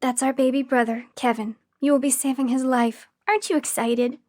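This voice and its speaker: A woman's voice: high voice, moderate pace, darkish tone. Creepy sing-song female caretaker, sugary and motherly, read by a woman narrator. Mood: sugary menace. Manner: sing-song, chirpy, over-sweet. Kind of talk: audiobook horror reading.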